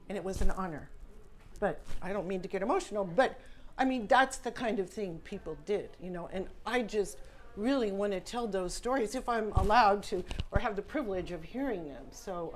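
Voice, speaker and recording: A woman author telling stories to an audience at an indoor salon event, earnest and conversational, with many asides. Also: medium pitch. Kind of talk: casual storytelling talk.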